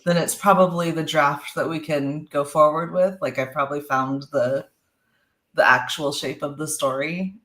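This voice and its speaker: Low-voiced woman author, echoey room. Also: steady tone, moderate pace, a bit bright. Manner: thoughtful, with many fillers. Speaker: author guest. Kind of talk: casual interview talk.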